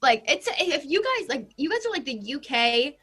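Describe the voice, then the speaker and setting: A young American woman chatting as a podcast guest, bubbly and rapid, with constant "like" fillers. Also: high voice, sing-song, fairly bright tone. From United States. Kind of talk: casual chat.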